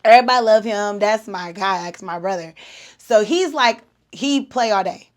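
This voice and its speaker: A woman, hosting a podcast and telling a story in an animated, slangy way with laughs. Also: mid-range voice, normal speed. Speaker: podcast host. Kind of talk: casual storytelling.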